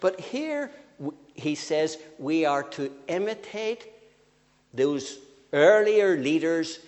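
An older man preaching a sermon, swinging from loud emphatic phrases to quiet asides. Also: a little high. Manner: lively with sudden rises and drops, slow emphatic phrasing. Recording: long reverb of a church hall.

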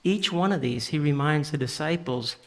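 Here a pastor speaks at a normal speed in a slightly high, somewhat bright voice. His sermon is conversational, full of paraphrased scripture and restarted sentences, and a large hall's long reverb colors the recording.

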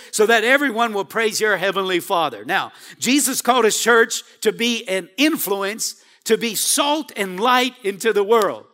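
A man with a high, bright voice preaches to his congregation. He calls for responses from the pews and swings between quiet, low passages and loud, rising appeals. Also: expressive, moderate pace, hardly any pauses. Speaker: pastor. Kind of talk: sermon.

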